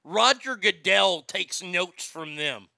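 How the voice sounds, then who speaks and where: A man's voice: sits high, expressive, slow, creaky, bright, forceful tone, no echo, studio quality. A man hosting a comedic talk show, laughing often and stammering as he jokes crudely. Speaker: radio show host.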